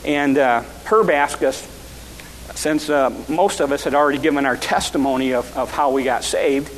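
A man's voice: fairly high pitch, normal speed, long reverb tail, a little hiss or hum, poor audio. A male pastor giving an earnest sermon in a church, often restarting and repeating his words.

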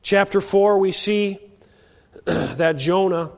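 A man's voice: high voice, slow, gravelly, long reverb tail. A man with a cold, preaching an earnest missionary sermon with frequent hesitations and rising calls to action. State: has a cold.

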